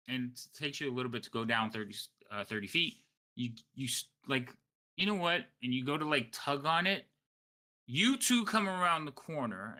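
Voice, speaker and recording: A man's voice: mid-range voice, sharp tone. A man narrating as game master, tired late at night, rambling and correcting himself as he goes.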